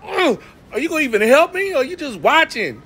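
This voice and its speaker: A man's voice: extremely high pitch, sing-song, fairly quick, pitched above the performer's own voice. A man voicing a small male bird who struggles and grumbles while hauling toilet paper. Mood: straining. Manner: straining, complaining.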